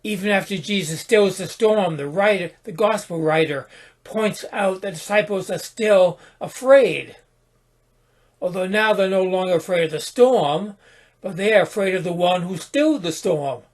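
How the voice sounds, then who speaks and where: A man hosting his own podcast, giving a reflective spoken sermon in a calm, contemplative manner with small restarts. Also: high voice, normal speed. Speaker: podcast host and spiritual teacher.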